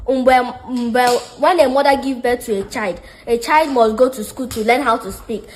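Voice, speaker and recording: A woman's voice: a little high, normal speed, slight background noise. A woman in a casual debate, talking outspokenly and switching between Igbo and English. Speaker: discussion participant.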